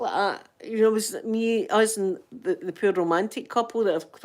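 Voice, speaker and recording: A woman's voice: on the high side, a little fast, few pauses. A middle-aged Scottish woman telling rambling, dramatic anecdotes in casual chat as a channel host. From Scotland.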